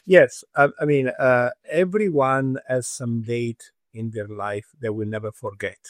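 A man with an Italian accent speaking earnestly as a talk-show guest, pausing often with fillers. His voice is dry and close to the mic, in a middle pitch. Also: fairly even intonation, no echo. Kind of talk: interview talk.

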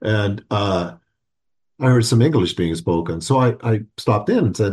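Guest: man, middle pitch, rambling storyteller, lots of "uh" and restarts. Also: unhurried. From United States. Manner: rambling, many fillers and restarts, lively when retelling. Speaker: guest, homeopath. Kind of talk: storytelling in a conversation.

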